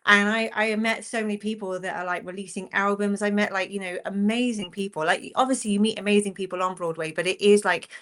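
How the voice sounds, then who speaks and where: A woman in her forties, a country singer chatting as a guest and telling stories in a lively, animated way. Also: medium pitch, fast talker, few pauses. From England. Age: 40s. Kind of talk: casual chat.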